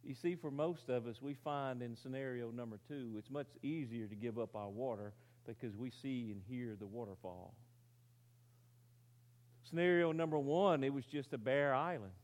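Male preacher, fairly high voice, dramatic storyteller who drops to a hush, rhetorical questions. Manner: dramatic storytelling, rises loud then drops very quiet; asks the audience rhetorical questions. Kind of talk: sermon illustration.

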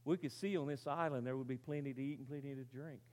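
A man preaching, telling a story with dramatic swings from loud to very quiet and asking his listeners rhetorical questions. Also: medium pitch, steady tone, quick pace. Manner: asks the audience rhetorical questions. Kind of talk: sermon illustration.

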